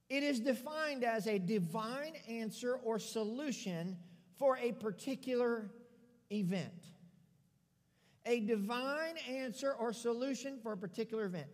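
A man's voice: extremely high pitch, moderate pace. A man preaching a sermon as pastor, calling on the congregation to respond and acting out scripture scenes in his own words. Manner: call-and-response preaching, dramatic paraphrase. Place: church sanctuary. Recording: long hall reverb.

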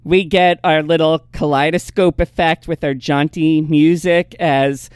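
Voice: mid-range voice, steady tone, a little slow, clear, resonant tone, no room sound, studio quality. A podcast co-host casually recapping an episode's plot step by step, laughing often.

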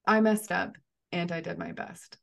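A woman speaking as a therapist guest in a podcast interview, thoughtful and measured, often restarting her sentences. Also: on the low side, fairly even intonation, vocal fry.

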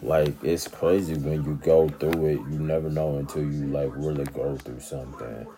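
A man's voice: rumbling low, fairly even intonation, normal speed, warm tone, a little hiss or hum. A man talking casually to his viewers in a laid-back, rambling way, often checking in with them. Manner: laid-back, rambling, keeps asking "you know what I'm saying". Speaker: vlogger. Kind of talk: casual talk to camera.

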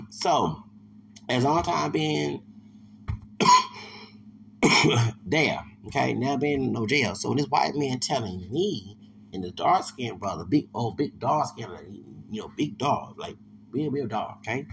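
A man's voice: lowish voice, creaky, a bit bright, slight background noise. A man hosting a solo podcast, rambling and digressive, with many restarts and asides. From Texas. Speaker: podcast host.

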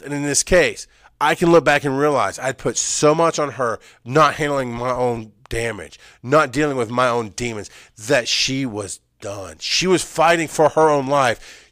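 A man telling an emotional personal story, swinging from loud, urgent emphasis to hushed, halting recall. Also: medium pitch, no room sound, studio quality. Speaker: speaker sharing personal story.

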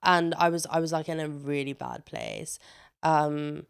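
A woman's voice: deep voice, unhurried, vocal fry, smooth. A woman in her twenties tells a candid personal story in a chatty vlog, swearing freely and acting out what people said. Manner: chatty and swearing, with animated re-enacted quotes. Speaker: vlogger.

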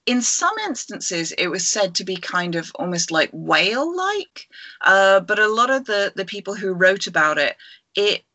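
A woman's voice: mid-range voice, very animated, normal speed, sharp tone, no echo. A woman co-hosting a casual podcast over a video call, rambling enthusiastically through a creature legend with many fillers. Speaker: podcast co-host. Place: at home.

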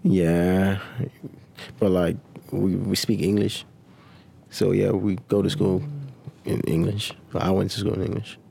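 A man's voice: deep voice, flat delivery, a little slow, vocal fry, warm tone, slight background noise. A young Nigerian man with a Nigerian accent, a rapper whose first language is Yoruba, answering interview questions in a laid-back way with short replies. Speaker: rapper guest. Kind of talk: casual interview chat.

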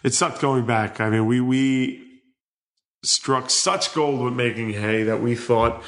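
A man's voice: medium pitch, fairly even intonation, slow, fairly bright tone. Man rambling through a joking intro. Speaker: podcast host. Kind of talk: casual chat.

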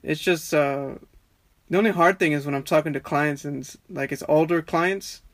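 Young man, from Texas, podcast guest, relaxed rambling talk, fairly high pitch, dry close sound. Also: normal speed, dry recording. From Texas, USA. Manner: relaxed, rambling with frequent restarts. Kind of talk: casual conversation.

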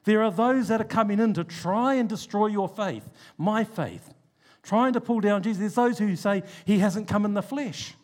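A male preacher with a notably high voice delivers a sermon to a congregation. He leans hard on key phrases and slows right down to stress them. For asides he sinks low and quiet.

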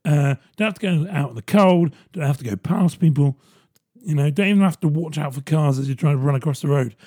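A man's voice: on the high side, fairly quick, warm tone, breathy edge. A man hosting his own podcast in a rambling, sardonic monologue, swearing freely. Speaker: podcast host. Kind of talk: casual solo podcast monologue.

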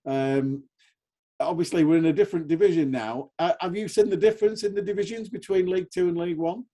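Man asking teasing questions, mellow tone. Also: sits high, steady tone, quick pace. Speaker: interviewer. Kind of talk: casual interview.

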